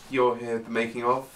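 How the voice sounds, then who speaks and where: A young man with a lowish, gravelly voice fires off dry, mock-exasperated quips, his pitch swinging widely. He sounds distant from the mic in an echoey room, with clear noise behind. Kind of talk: joking behind-the-scenes banter.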